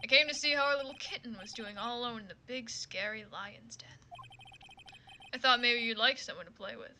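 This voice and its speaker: A woman's voice: on the high side, measured pace, pushed and bright, a little hiss or hum. Woman doing a smug teasing male lawyer. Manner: smooth, teasing, self-assured.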